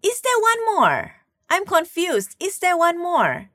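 A woman's voice: very high-pitched, wildly swooping pitch, takes it slowly, fairly bright tone, no echo, studio quality, pitched above the performer's own voice, exaggerated voice. A woman voicing an impatient older male prophet who speaks in exclamations. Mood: exasperated.

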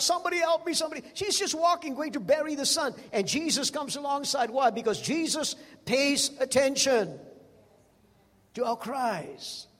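A male preacher delivers a sermon in a high voice, telling the stories with emphasis. He calls out to the congregation, and his voice rings through a hall with a long reverb. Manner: storytelling, emphatic with call-outs to the congregation.

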